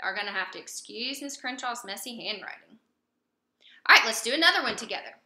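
A young woman teaching a phonics lesson to young pupils, patient and prompting, pausing for answers and praising them. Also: a little high, animated, sharp tone, slight background noise. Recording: roomy echo.

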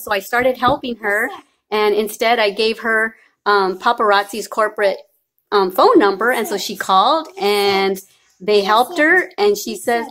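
A woman's voice: mid-range voice, unhurried, a bit bright, a little hiss or hum. A woman vlogging at home on a handheld camera, chatting in a bubbly, cheering way and cooing to a baby. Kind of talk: casual vlog chat.

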